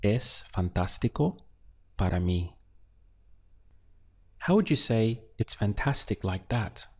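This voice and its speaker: A man's voice: on the low side, animated, takes it slowly, a little mellow. A man teaching a beginner language lesson, patiently prompting the learner and then giving each answer. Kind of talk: slow instructional lesson.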